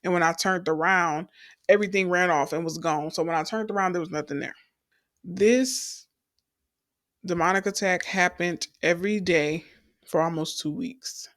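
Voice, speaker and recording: A woman's voice: fairly low pitch, normal speed, fairly bright tone, no echo, clean studio sound. A young adult woman, telling her personal faith testimony in an earnest storytelling way and calling the listeners y'all. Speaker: testimony speaker.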